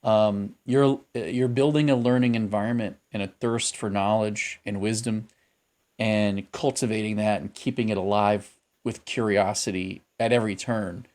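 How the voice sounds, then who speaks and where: Man, low voice, podcast co-host, rambling, thoughtful, lots of ums. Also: steady tone, moderate pace, darkish tone. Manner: thoughtful, rambling, frequent fillers and restarts. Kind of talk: casual podcast chat.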